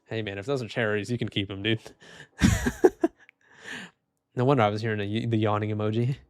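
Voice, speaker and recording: A man's voice: on the low side, little pitch movement, a little fast, no echo. A young man streaming live, making casual commentary as he reads posts and keeps laughing and saying "dude". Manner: laughing, mocking, says dude a lot.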